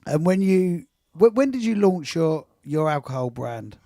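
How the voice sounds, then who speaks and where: A man hosts a music chat show, eager and tripping over restarts as he talks. His voice sits a bit high for a man. The sound is dry and close. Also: very animated, unhurried, warm tone, no room sound. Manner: enthusiastic, stumbling restarts. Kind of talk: casual interview chat.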